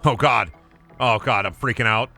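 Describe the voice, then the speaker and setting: Bright-voiced, swearing male game streamer. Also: fairly low pitch, moderate pace, vocal fry, soft background music. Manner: animated, profane, joking. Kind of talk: casual live-stream commentary.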